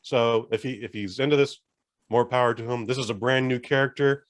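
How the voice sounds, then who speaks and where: Male podcast co-host, mid pitch, blunt emphatic ranting style. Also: steady tone, brisk. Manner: blunt, swearing, emphatic rants. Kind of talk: casual chat.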